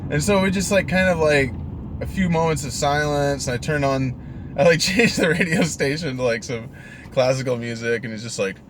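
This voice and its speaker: Young guy rideshare driver rambling thru his stories, kinda high voice, bit of car hum behind. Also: moderate pace. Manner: chatty, filler-heavy, exasperated retelling. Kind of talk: casual storytelling vlog.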